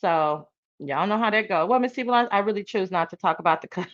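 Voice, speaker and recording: A sassy woman chats casually with her live-stream viewers in a playful, slang-heavy style. Her pitch swings widely as she talks. The sound is dull and lo-fi. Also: animated, quick pace. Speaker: live-stream show host.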